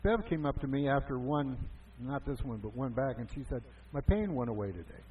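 A man's voice: mid-range voice, expressive, fairly quick, a little hiss or hum. A man preaching a conversational sermon as pastor, asking and answering his own questions. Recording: tinny phone-like sound from far off.

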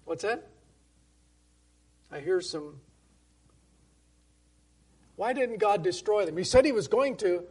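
High-voiced man teaching a Bible lesson. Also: lively intonation, darkish tone, husky. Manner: conversational, with frequent restarts and questions to the congregation; reads King James scripture slowly and emphatically. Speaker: preacher. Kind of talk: Bible-study sermon.

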